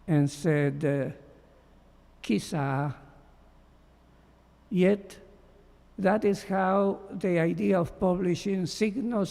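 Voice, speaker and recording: A man giving a measured, heartfelt memorial tribute as a former doctoral student, reading prepared remarks. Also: high voice, gravelly, dark tone. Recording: long hall reverb.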